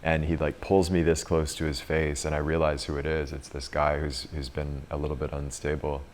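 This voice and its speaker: A man's voice: a bass voice, flat delivery, normal speed, slight background noise. A man in his thirties leading a retreat group, telling a story in a chatty way and laughing often. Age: 30s. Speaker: retreat leader and coach.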